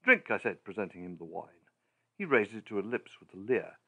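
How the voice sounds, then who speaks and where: A man narrating a horror audiobook in a measured, deliberate, storytelling manner. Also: lowish voice, gravelly, a bit bright, husky.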